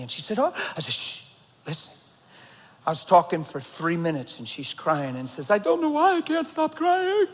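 A man preaching a sermon as a pastor, telling a story with loud excited bursts and hushed earnest stretches. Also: medium pitch, a little hiss or hum. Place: large church hall. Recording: reverberant church hall.

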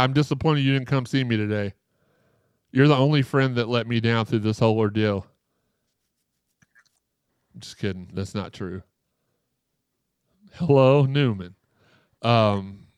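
A man's voice: on the low side, clean tone, no room sound, studio quality. A man hosting a live podcast, joking and rambling as he reads chat comments aloud, his throat sore after surgery. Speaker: podcast host.

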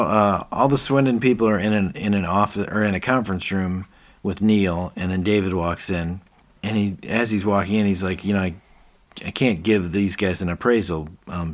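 A man co-hosting a podcast, retelling scenes in casual chat and acting out the characters' lines between laughs. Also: sits low. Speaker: podcast co-host.

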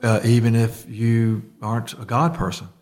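A man's voice: mid-range voice, little pitch movement, normal speed, a little mellow. A man in casual conversation about faith, telling a story with lots of restarts and fillers.

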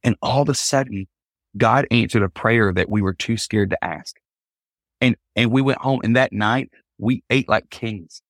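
Lower-voiced man telling a lively story. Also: normal speed, no echo, studio quality. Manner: animated, acts out quotes in the story. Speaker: podcast guest, Christian singer. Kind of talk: personal storytelling in a podcast interview.

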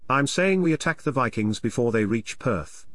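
A man reading the part of a steady war leader giving measured, decisive orders. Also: medium pitch, dry recording, studio quality, lightly acted. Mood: resolute.

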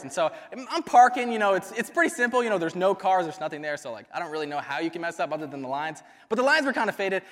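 A young man with a high voice races through a youth sermon, rambling casually with fillers and asides. His words ring out with a long reverb in a church hall. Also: fairly bright tone. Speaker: youth ministry speaker. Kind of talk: youth sermon with personal story.

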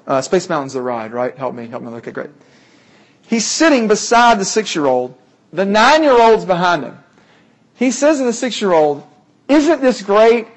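An earnest male preacher, his voice sitting a touch high for a man. He drives his points home by repeating phrases and leaning hard on key words. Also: very animated, normal speed. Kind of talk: sermon.

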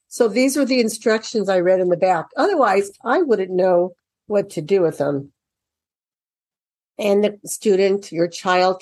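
A woman's voice: mid-range voice, a little mellow, dry recording. A woman walking parents through children's reading workbooks in a chatty, thinking-aloud way, turning sing-song when she reads to children, speaking into a computer mic during an online share. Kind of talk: casual instructional walkthrough. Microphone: computer mic during an online screen share.

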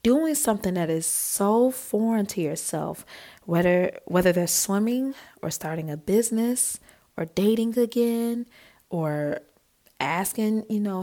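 A woman's voice: medium pitch, unhurried. A woman hosting a podcast, telling a personal story in a casual, chatty way and acting out what others said. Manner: chatty, animated, acts out quotes. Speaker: podcast host.

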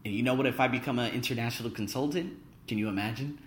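A man talking in a casual vlog monologue, excitable, boastful and full of swearing, as an English teacher vlogger. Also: medium pitch, quick pace, echoey room, slight background noise.

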